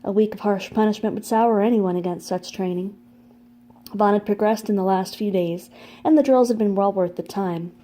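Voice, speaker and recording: A woman narrates a fantasy novel as an audiobook, reading scripted prose in a steady, measured manner. Her middle-pitched voice is warm and mellow, and her storybook pace stays even.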